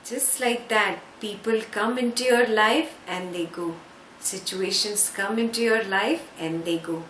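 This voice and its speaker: A woman's voice: medium pitch, fairly bright tone. A woman teaching a scripture class, patiently explaining Sanskrit words and checking in with listeners. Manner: slow, patient, checks understanding with frequent "yeah?". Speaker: spiritual teacher. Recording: echoey room, faint background noise.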